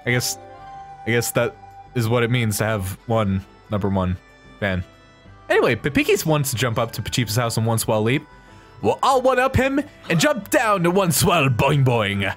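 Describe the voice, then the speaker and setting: A man hosting a let's play, giving excitable, jokey game commentary. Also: mid-range voice, normal speed, faint music behind.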